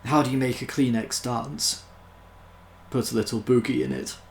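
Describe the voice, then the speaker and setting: A British man reads dad jokes in a casual, self-mocking way, chuckling between them. His voice has a gravelly fry at mid pitch. The recording is roomy, with a faint hum of ambience behind it. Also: fairly even intonation, moderate pace. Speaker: YouTuber.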